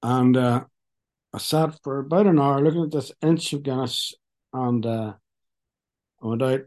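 Mellow-voiced man sharing his story. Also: mid-range voice. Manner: frank, wry, halting. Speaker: speaker sharing at a recovery meeting. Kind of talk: personal testimony.

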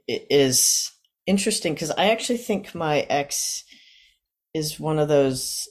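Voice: mid-range voice, darkish tone. A person in their fifties sharing personal experiences in a casual, hesitant way, with many fillers and restarts. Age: 50s.

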